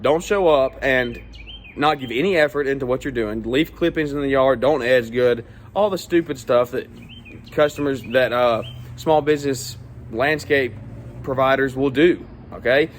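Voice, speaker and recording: Speaking at normal speed in a mid-range voice, a small lawn care business owner offers blunt advice in a relaxed vlog, ending points with "all right?" and "okay?" There's slight background noise.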